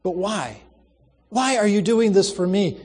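A man's voice: sits high, lively intonation, unhurried, darkish tone, in a large hall, voice pushed up. A man reading the part of a remorseful young man who speaks in an anguished, self-reproaching way.

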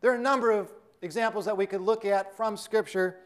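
A preacher with a fairly high voice for a man tells a parable-style story and then preaches from scripture. He speaks earnestly and steadily, addressing a congregation. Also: fairly even intonation, a little fast. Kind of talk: sermon with story narration.

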